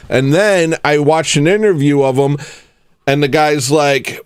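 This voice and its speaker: A man at an ordinary middle pitch talks straight to his listeners in a loose, ranting monologue. He turns mocking and bursts out now and then. The sound is close and dry, with no room echo. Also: moderate pace, clean tone. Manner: animated, mocking, with sudden outbursts. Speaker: channel host.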